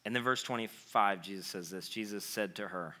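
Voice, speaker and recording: Intense, bright-voiced male preacher. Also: fairly low pitch. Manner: impassioned, conversational preaching with quick asides. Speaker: pastor. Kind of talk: sermon.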